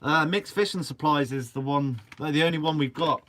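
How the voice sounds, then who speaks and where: A man's voice: a little high, a little fast, fairly bright tone. A young man from Guernsey, hosting a fishing channel and answering live chat in a chatty, upbeat way with casual swearing. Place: shed.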